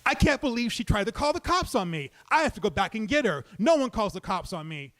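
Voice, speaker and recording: An agitated, erratic stranger who brags and bristles, as a male storyteller quotes him. The voice runs high and belligerent. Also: very animated, a little fast, fairly bright tone. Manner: belligerent, boastful. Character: agitated erratic man on subway.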